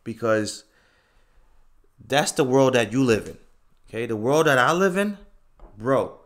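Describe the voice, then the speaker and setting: A man's voice: medium pitch, animated, measured pace, long pauses. A man hosting a casual livestream, answering chat bluntly, often tagging "okay" and "bro" and pushing his points emphatically. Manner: lectures emphatically, gets louder when making a point.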